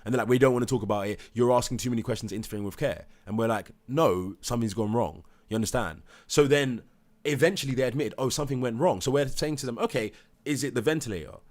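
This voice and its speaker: A man's voice: mid-range voice, fast, a little mellow. A man, a father, talks heatedly in a live debate, acting out others' words and swearing. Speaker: parent telling his story.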